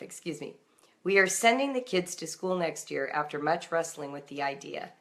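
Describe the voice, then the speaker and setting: A woman reading her homeschooling encouragement aloud, then chatting casually with her live audience, gentle and reflective, in her morning voice. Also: deep voice, expressive, normal speed. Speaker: homeschool writer reading her daily book on a live stream.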